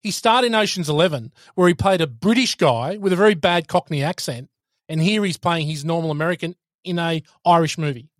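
A man's voice: on the high side, brisk, dry recording, clean studio sound. A man co-hosting a podcast, chatting and bantering about films. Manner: banter, jokey interjections. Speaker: podcast co-host. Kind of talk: casual film review chat.

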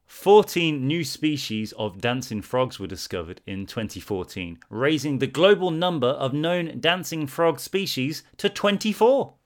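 A man's voice: medium pitch, big pitch swings, measured pace, hardly any pauses. Man, podcast co-host, casual, playful, jokey. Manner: playful, jokey, acts out little bits. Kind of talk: casual chat.

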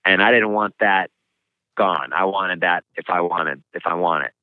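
A man speaking frankly and reflectively as an author being interviewed, pausing often as he talks. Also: deep voice, smooth, no room sound. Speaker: author and guest. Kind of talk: candid interview conversation. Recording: tinny phone-like line, dry.

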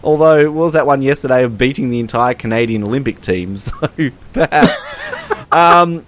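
A man's voice: medium pitch, moderate pace, fairly bright tone. A young man co-hosting a casual podcast, laughing often and mocking the fan messages he reads aloud. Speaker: podcast co-host. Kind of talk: casual chat.

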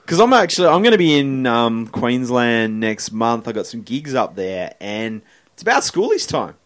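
Animated, joking Australian man. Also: mid-range voice, normal speed. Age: 20s. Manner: joking, animated, laughs often. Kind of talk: casual chat.

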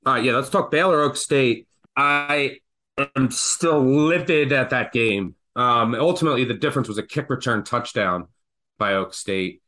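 A man co-hosting a sports betting podcast, telling stories in a lively, joking way. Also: mid-range voice, moderate pace. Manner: animated, joking storyteller. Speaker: podcast co-host. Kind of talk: casual sports betting chat.

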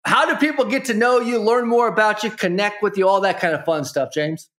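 A middle-aged man with a fairly high voice hosts a podcast interview. He asks relaxed, friendly questions with many fillers. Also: a little fast. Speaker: podcast host. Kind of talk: casual interview chat.

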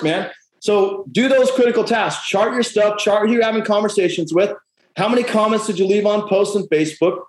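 Blunt, profane male sales coach. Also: high voice. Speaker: real estate coach. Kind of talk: motivational talk. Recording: echoey room.

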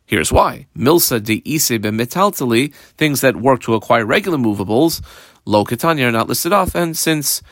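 In studio-quality audio without room sound, an expressive man with a medium, slightly bright voice teaches the daily Talmud page at a moderate pace. Step by step, he voices and translates Hebrew and Aramaic terms and announces punctuation marks.

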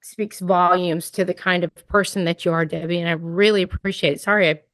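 A woman's voice: fairly low pitch, fairly even intonation, brisk, no echo. A woman hosting a podcast interview, candid and empathetic, relating her own experiences to her guest. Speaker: podcast host. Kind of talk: interview conversation.

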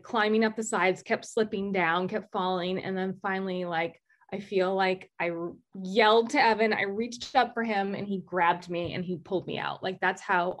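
A woman telling a candid personal story, halting and restarting often with fillers. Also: medium pitch. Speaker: guest sharing recovery story.

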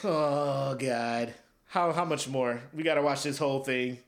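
A man's voice: mid-range voice, a little slow, faint music behind. A man co-hosting a podcast, telling stories in a casual comedic chat and slipping into silly voices. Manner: animated storytelling, slips into silly voices. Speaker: podcast co-host.

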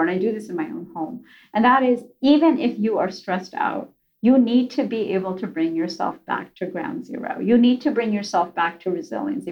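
A middle-aged woman pediatrician talking as an interview guest, earnest and rambling, with many restarts, who also tells stories with lively voices. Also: medium pitch. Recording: dull lo-fi audio.

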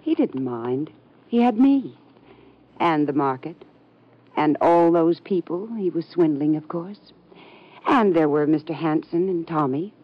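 A cool, mocking young woman in an old radio drama, with a dry, deadpan delivery. Her voice is very low for a woman. The sound is dull, like an old radio recording. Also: unhurried. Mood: sardonic. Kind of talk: 1950s radio drama acting.

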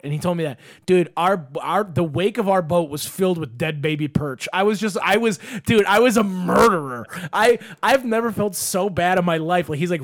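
A young man hosting a podcast, telling animated stories with lots of swearing and acted-out quotes. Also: high-pitched, a little fast, few pauses, no echo, studio quality. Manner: animated storyteller, swears freely, acts out quotes. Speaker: podcast host. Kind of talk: casual chat.

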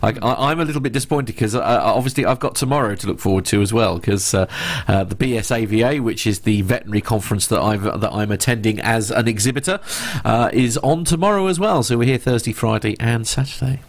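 A British man co-hosting a podcast, jokey and quick to laugh. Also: mid-range voice. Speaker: podcast co-host. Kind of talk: casual podcast chat.

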